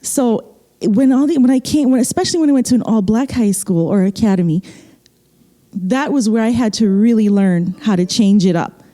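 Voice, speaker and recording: A woman's voice: a little high, moderate pace, mellow. A woman from the U.S. Virgin Islands in casual conversation on a panel, earnestly telling a story from her own life.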